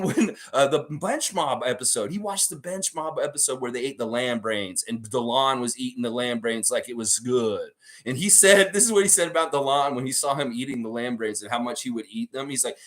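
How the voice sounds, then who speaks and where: A man hosting a casual sports fan show, telling stories in an excitable, rambling way. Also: mid-range voice, moderate pace. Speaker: sports podcast host.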